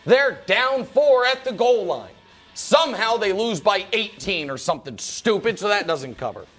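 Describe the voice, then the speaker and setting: A man hosting a sports debate show, teasing his co-host and making picks in a dramatic, fast way. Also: sits high, lively intonation, a bit bright, faint music behind.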